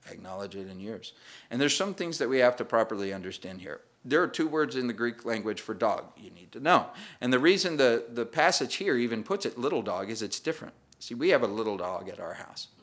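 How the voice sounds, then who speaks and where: A man's voice: medium pitch, expressive, brisk. A male pastor preaching a sermon in a conversational way, acting out the people in the story.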